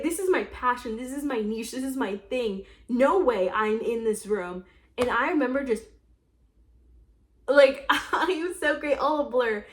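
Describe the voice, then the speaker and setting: Gushing young woman telling stories. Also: fairly high pitch. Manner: gushing, emotional, filler-heavy with lots of "like". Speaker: podcast host and escape room game master. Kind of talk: casual storytelling chat.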